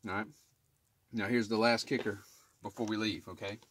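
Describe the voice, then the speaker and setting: A middle-aged HVAC technician speaks at normal speed in a lowish, flat, slightly bright voice, with some background noise, as he cleans a drain line in a residential attic. Filming himself on camera for a casual how-to, he stays plain-spoken and checks in with viewers again and again with "okay?"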